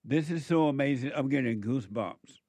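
A man preaching a sermon, scolding and emphatic, with sudden swings in loudness and pitch. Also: a little fast, no room sound.

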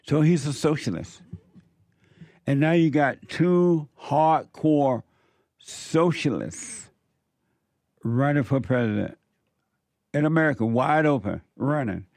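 A man's voice: medium pitch, animated, slow pace, long pauses, a little mellow, dry recording. A man delivering an opinion monologue, repeating his warnings with heavy emphasis. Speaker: political commentator.

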